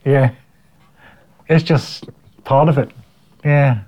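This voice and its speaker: A man's voice: medium pitch, steady tone, slow pace, dull audio. Older Liverpool man reminiscing. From Liverpool, England. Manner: chatty and reminiscing, chuckles often, repeats words. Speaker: guest musician. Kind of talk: casual interview storytelling.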